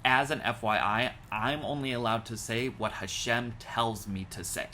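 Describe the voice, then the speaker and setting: A man's voice: mid-range voice, steady tone, moderate pace, sharp tone, a little hiss or hum, natural voice. A man voicing a hapless, easygoing hired prophet who talks in casual slang.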